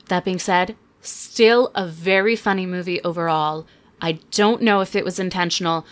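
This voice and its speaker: A young woman hosting a podcast, chatting casually and sarcastically about a movie with quick asides. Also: mid-range voice. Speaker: podcast host. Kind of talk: casual chat, movie review.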